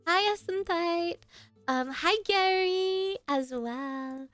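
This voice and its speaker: A woman streamer telling a story casually to her chat, animated and laughing often. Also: extremely high pitch, slow pace, faint music behind.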